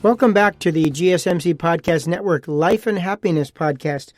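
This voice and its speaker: A man's voice: a little high, moderate pace, a little mellow, soft background music. A man hosting a casual solo podcast. He talks in a chatty, rambling way, repeating phrases and adding asides. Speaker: podcast host.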